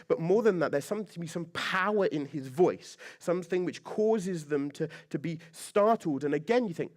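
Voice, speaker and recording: A man's voice: a little high, lively intonation, normal speed, few pauses. Man preaching a chatty sermon. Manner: conversational and joking, asks many rhetorical questions. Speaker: pastor.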